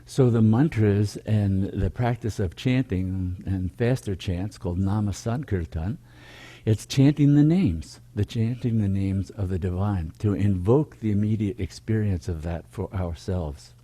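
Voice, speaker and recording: Low husky guy giving a calm spiritual talk over a video call, very mellow tone. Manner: slow, contemplative, with repeated rhythmic phrases. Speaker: meditation teacher.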